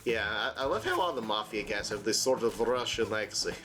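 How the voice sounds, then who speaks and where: A man hosting a let's-play, talking in a rambling, jokey way with many fillers and sudden squeaky exclamations. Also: expressive, fairly quick. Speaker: gaming channel host. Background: game music.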